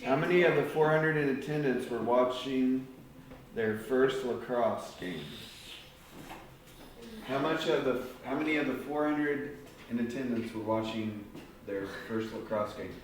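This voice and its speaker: A man's voice: mid-range voice, normal speed, a little hiss or hum. A man tutoring a group of students through algebra word problems, guiding them with patient questions. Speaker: math tutor. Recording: very echoey room, mic far off.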